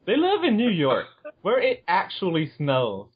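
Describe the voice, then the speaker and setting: A man from Alabama, co-hosting a casual movie-review chat, animated and opinionated. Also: high-pitched, a little slow, breathy edge. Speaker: podcast co-host. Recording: dull lo-fi podcast audio.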